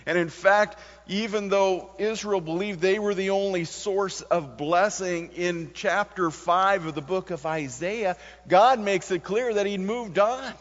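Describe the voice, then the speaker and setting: A man preaching a sermon as pastor. He moves between quiet passages and emphatic lines, stressing key words. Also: high voice, measured pace, few pauses. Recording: muffled sound with long hall reverb.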